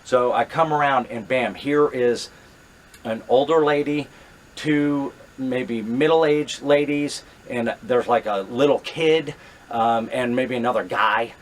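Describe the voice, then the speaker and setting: Speaking slowly in a mid-range voice, this middle-aged man tells the camera something that really happened to him. He reenacts what he was thinking with lively energy, often stumbling over fillers and starting sentences again.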